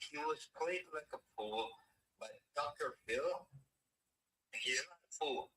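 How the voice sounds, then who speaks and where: A man in a casual chat as a guest, plain-spoken and halting. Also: fairly high pitch, sharp tone, recorded from a distance, poor audio.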